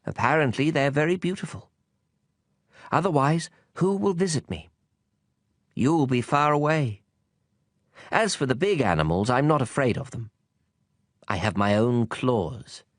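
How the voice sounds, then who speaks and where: A man's voice: mid-range voice, lively intonation, measured pace, pauses often, no room sound, clean studio sound, lightly acted. A man voicing a proud, vain female flower who speaks in a haughty, brittle way. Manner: haughty, brittle, holding back tears.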